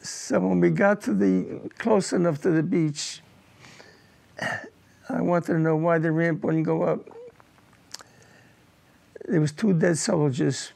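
An older man, a war veteran, telling his combat memories in an oral history interview, halting and repeating words as he goes. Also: on the high side, steady tone, vocal fry, mellow.

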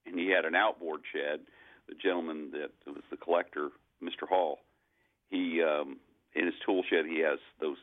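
Auctioneer guest: man, low voice, calling in over a thin phone line, relaxed storyteller. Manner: chatty storyteller, easy laughs. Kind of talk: casual radio chat.

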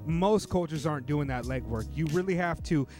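Thoughtful man with a slightly high voice. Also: moderate pace, over music. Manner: thoughtful, long explanatory sentences, swears casually. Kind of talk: casual podcast chat.

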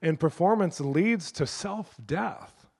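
A middle-aged male pastor preaching a sermon through lively personal stories, acting out the people in them. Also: a little high, slow, gravelly, slightly rough, long reverb tail. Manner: animated, acts out the people in his stories. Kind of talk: sermon storytelling.

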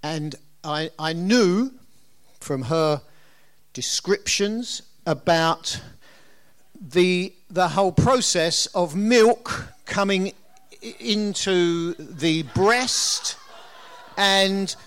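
A man's voice: sits high, drawn-out words, a bit bright. A middle-aged man preaching a sermon in a conversational way, often asking his listeners questions. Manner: conversational, asks the congregation questions.

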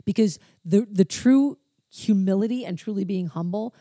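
A woman's voice: medium pitch, moderate pace, warm tone, no room sound, clean studio sound. Earnest woman co-hosting a faith podcast. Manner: earnest, preachy, emotional. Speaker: podcast co-host.

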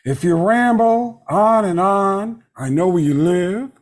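A man doing an impression of a famous male movie star, recording a threatening voicemail greeting in a drawn-out, sing-songy delivery. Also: high voice, pitched above the performer's own voice. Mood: menacing. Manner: threatening, slow and emphatic.

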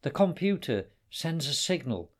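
Man voicing a frightened blinded photographer, high, wailing, pleading, storybook. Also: big pitch swings, a little slow. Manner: high panicked wailing pleas.

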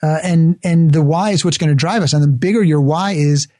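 A man being interviewed, talking earnestly and building each point with an example. His voice sits fairly high for a man. The sound is dry and close, with no room echo. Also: fairly quick, dark tone. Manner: earnest, explains ideas through examples. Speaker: guest author and speaker. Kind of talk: conversational interview.

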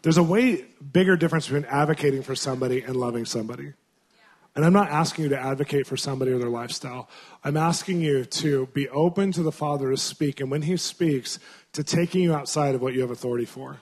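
A man, a Christian minister, telling stories in a sermon in an animated, conversational way. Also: mid-range voice, fast. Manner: animated, conversational storytelling with frequent laughs. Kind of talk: storytelling sermon.

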